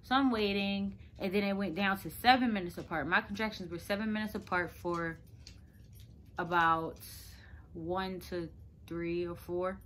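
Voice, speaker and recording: A young woman vlogger tells her viewers a personal story, chatting to camera in a rambling way packed with "like" fillers. Her voice is medium-pitched with a sharp tone.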